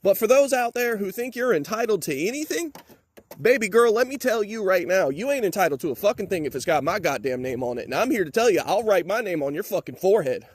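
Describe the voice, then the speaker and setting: A man's voice: high-pitched, lively intonation, fast talker, breathy edge. A man, swearing and threatening in a heated rant to his vlog audience, then talking casually about his truck project. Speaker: vlogger, truck project owner. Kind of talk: angry rant to camera.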